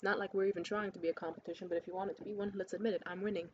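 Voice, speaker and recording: A woman's voice: mid-range voice, fairly even intonation, very fast. Blunt, profane woman ranting to camera. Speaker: vlogger. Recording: slightly muffled with faint hiss.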